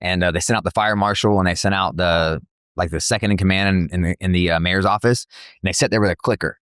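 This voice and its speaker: This is a man speaking quickly in a somewhat low voice, rattling off stories with casual slang and fillers. The sound is dry and close, with no room around it. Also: no room sound. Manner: fast, animated storytelling with slang and filler words. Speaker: MMA promotion CEO, guest. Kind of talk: casual podcast interview. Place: cafe.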